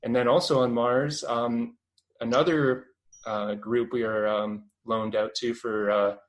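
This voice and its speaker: A man's voice: mid-range voice, flat delivery, measured pace, rough recording. A young man in his twenties with a Canadian accent, a guest on an interview, talking casually and rambling with many fillers and restarts. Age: 20s.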